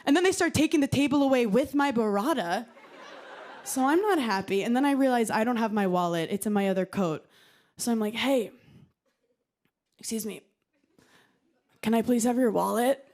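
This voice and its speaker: A woman in her thirties doing a stand-up comedy set on a television studio stage, with a punchy deadpan delivery. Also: a little high, normal speed, long pauses. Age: 30s. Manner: punchy deadpan delivery, acting out quoted voices.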